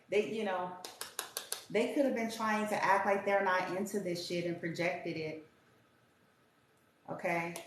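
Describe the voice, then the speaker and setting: A woman giving a casual tarot reading in a blunt, profane, rambling rant. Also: medium pitch. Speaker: tarot reader. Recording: very echoey room with faint hiss.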